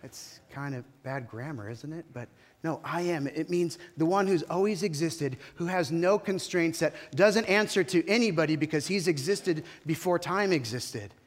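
A male pastor giving a sermon, animated, rising and falling in volume and calling on the congregation to respond. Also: on the high side, normal speed, big-room sound.

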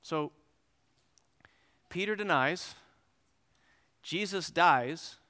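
A pastor with a slightly high voice preaches a sermon, telling a lively story from his own life and playing both parts of the conversation before he turns to scripture.

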